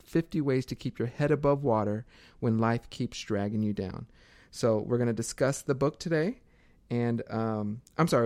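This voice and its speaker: A man's voice: medium pitch, darkish tone, no echo. A young man co-hosting a podcast interview, friendly, tripping over words and laughing easily. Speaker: podcast co-host.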